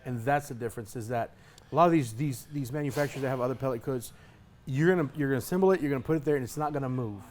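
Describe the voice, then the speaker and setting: Fast-talking, hyped-up man pitmaster. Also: mid-range voice. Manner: emphatic, hyped-up, repeats words when excited. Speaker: competition pitmaster. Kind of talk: casual interview talk.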